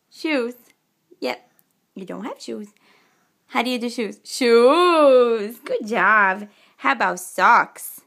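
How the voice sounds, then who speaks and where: Woman, mother coaching a toddler, high voice, very slow, clear drawn-out words, sing-song praise. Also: bright, forceful tone. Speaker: mother teaching her toddler sign language.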